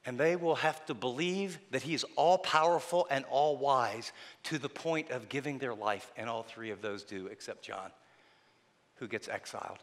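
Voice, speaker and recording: A man preaching a sermon, telling the story dramatically and swinging between loud passages and hushed ones. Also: medium pitch, normal speed, big-room sound. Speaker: pastor.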